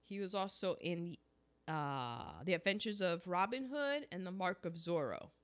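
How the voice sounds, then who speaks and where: A woman chatting on a podcast with a sore throat. Her pitch swings widely as she talks, jumping up high when she gets excited. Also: moderate pace. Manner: animated, rising to high exclamations. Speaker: podcast co-host. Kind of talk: casual chat about old movies.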